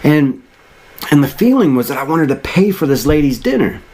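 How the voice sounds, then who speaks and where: A man's voice: fairly high pitch, sing-song, moderate pace, a little mellow. A man in his thirties telling a personal story in an earnest, reflective way, rambling and restarting as he goes. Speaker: motivational vlogger.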